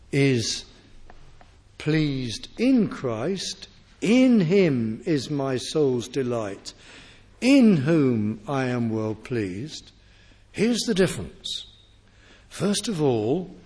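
A man's voice: fairly high pitch, husky. A man preaching a sermon, explaining scripture with emphatic build-ups on key words. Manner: emphatic, rising to forceful peaks on key words.

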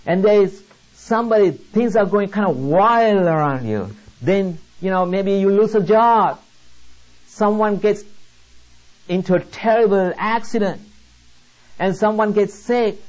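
A preacher delivering a sermon in a slow, emphatic way, asking the listeners one rhetorical question after another. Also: medium pitch, darkish tone, dull audio.

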